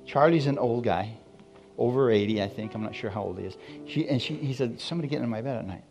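A man preaching a sermon as a pastor, telling stories and acting out quotes, then rising to loud exclamations. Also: medium pitch, quick pace, music in the background. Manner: storytelling, acts out quotes, rises to loud exclamations.

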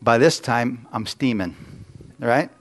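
A man's voice: mid-range voice, takes it slowly. Man, middle-aged, preacher, sermon, folksy storytelling, questions to the congregation. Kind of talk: sermon with personal stories.

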